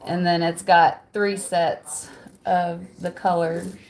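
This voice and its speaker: Gravelly-voiced woman chatting on livestream. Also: fairly low pitch, flat delivery, slow, darkish tone. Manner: chatty, laughs often, answers chat aloud. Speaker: livestream host. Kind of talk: casual chat reading viewer comments.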